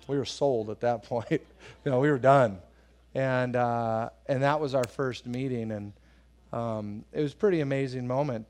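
A man's voice: medium pitch, a little mellow. A man preaching a sermon in a conversational way, telling personal stories, acting out voices when he quotes people, and asking the congregation questions. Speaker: pastor.

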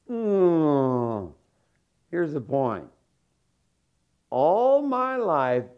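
A man preaching a sermon in a folksy, joking storytelling manner. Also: deep voice. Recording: dull lo-fi sermon recording.

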